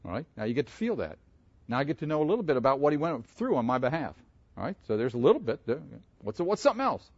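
A man preaching an interactive sermon, asking his congregation questions in an animated way. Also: medium pitch, fast, dry recording, muffled recording. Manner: animated, asks the room questions. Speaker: pastor.

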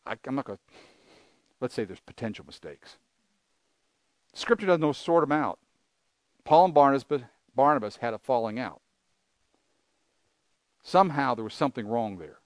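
A man's voice: medium pitch, expressive, moderate pace, long pauses, no room sound. An older man preaching a sermon, earnest and conversational, asking his listeners rhetorical questions. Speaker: pastor.

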